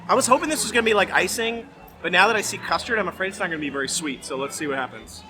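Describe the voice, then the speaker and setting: A man's voice: high-pitched, lively intonation, racing. A man vlogging casually outdoors as he tastes food, rambling and hesitant with many fillers. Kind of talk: casual food-tasting chat. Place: outdoor festival.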